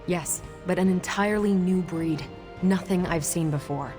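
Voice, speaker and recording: Woman playing a wry, low-voiced vampire hunter. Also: normal speed, natural voice. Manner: dry, wry, matter-of-fact. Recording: game audio with faint music.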